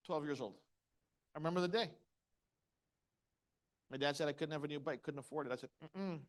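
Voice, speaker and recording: A middle-aged man speaking at a motivational seminar. His voice sits a little high, and he talks in short, punchy lines. He keeps asking the audience questions and tells stories to make his point. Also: brisk.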